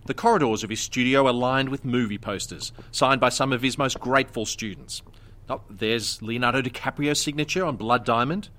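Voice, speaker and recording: Male comedy co-host, bright forceful tone, sardonic mock-earnest reads. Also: mid-range voice, brisk. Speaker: podcast co-host. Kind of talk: comedic scripted chat.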